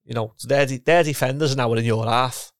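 A middle-aged man reminisces about his playing days. His voice has a gravelly edge, and he keeps repeating words and restarting his sentences. The sound is dry and close, with no room around it. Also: medium pitch, fairly quick, dry recording. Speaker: former footballer and coach, guest. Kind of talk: casual chat.

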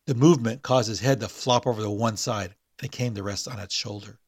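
A man hosting a podcast, chatting hesitantly before reading a spooky short story aloud. His voice is husky and mid-pitched. The sound is dry and close. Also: fairly even intonation, brisk, no room sound. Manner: hesitant, full of fillers and restarts in chat.

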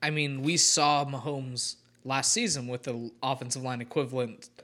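Man, podcast co-host, casual sports chat, blunt opinions, middle pitch. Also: fairly even intonation, normal speed, bright, forceful tone.

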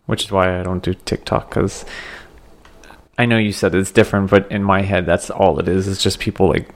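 Male podcast co-host, low voice, laid-back explainer who swears casually. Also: level tone, moderate pace. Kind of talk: casual chat about a film.

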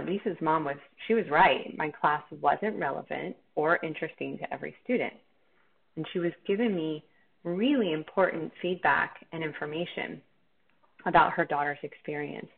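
Woman, low voice, candid teacher storytelling, reflective, thin phone-like sound. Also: creaky. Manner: candid, reflective, self-deprecating. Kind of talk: personal storytelling. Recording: tinny phone-like line.

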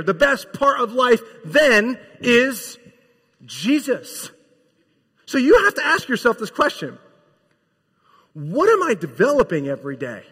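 A man preaching a sermon, emphatic and casual, swinging from loud bursts to hushed lines. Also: very high voice, big pitch swings, takes it slowly, breathy edge. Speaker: pastor. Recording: long hall reverb.

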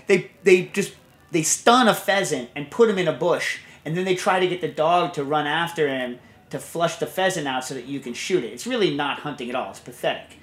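A man's voice: on the high side, a bit bright. A man hosting a casual podcast, wandering from story to story with lots of fillers and restarts. He also reads out a listener's question in the same loose, talky way. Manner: rambling, digressive, many fillers and restarts. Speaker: podcast host. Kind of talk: casual chat.

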